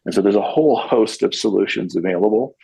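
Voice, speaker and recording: A man talks in a relaxed, rambling way, often restarting his sentences. His voice sits low and sounds husky. It is recorded close and dry, with no room sound. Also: fast, no echo, poor audio. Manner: rambling with frequent restarts and fillers. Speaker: podcast guest, CEO. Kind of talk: casual conversational interview.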